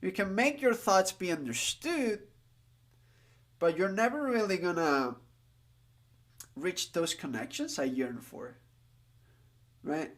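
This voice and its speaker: An adult livestreamer, not a native English speaker, chatting casually and thinking aloud, with halting fillers and restarts while trying out Japanese. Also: medium pitch, lively intonation.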